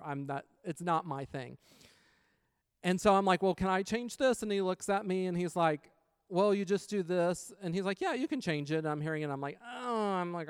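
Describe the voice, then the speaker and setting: Smooth-voiced man telling a story. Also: high voice, dry recording, clean studio sound. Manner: chatty, retells scenes with quoted dialogue, faith-based reflection. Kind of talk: casual personal storytelling.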